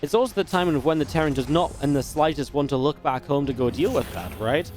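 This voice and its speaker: A man casting a real-time strategy match alone, in energetic play-by-play commentary with chatty asides. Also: a little high, fast talker, faint music behind. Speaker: esports caster. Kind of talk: solo play-by-play game commentary.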